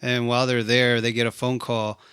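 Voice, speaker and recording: A man's voice: medium pitch, little pitch movement, normal speed, a bit bright, smooth, dry recording. A man co-hosting a casual movie recap chat, swearing freely and acting out the characters' lines. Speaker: podcast co-host.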